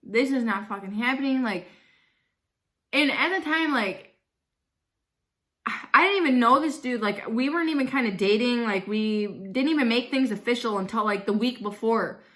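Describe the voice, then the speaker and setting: Blunt, bright-voiced young woman. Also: on the high side, normal speed, long pauses. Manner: fills speech with "like", swears freely; blunt and outspoken. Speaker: vlogger. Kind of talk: casual storytime.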